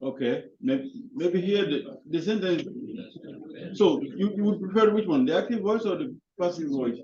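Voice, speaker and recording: A man teaching an English class, halting and often repeating his words. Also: high voice, animated, a little mellow, a little hiss or hum. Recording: echoey classroom, dull lo-fi sound.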